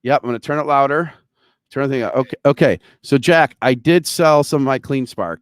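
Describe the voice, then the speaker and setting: Excitable male show host, smooth dry voice. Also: medium pitch, a little fast, dry recording. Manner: excitable, joking, scattered restarts. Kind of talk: casual live market show chat.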